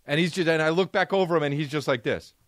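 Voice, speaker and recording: A man's voice: on the high side, fast talker, no room sound, studio quality. A man in his thirties, a comedian and podcast host, telling a rambling, profane comic story.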